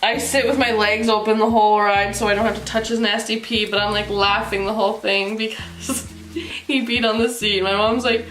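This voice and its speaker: A young woman vlogger telling a story casually, animated and giggly, full of fillers. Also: medium pitch, normal speed. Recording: roomy with faint music.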